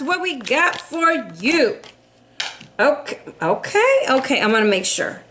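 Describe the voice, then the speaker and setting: A young adult woman giving a casual tarot reading in an animated, sassy, playful way, laughing often. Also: high-pitched, measured pace, background noise. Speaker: tarot reader.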